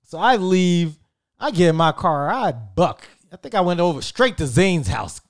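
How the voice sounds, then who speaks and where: A man in his thirties casually telling a story in an animated, slangy way, with frequent swearing. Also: on the high side, unhurried. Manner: animated, profane, slangy and conversational.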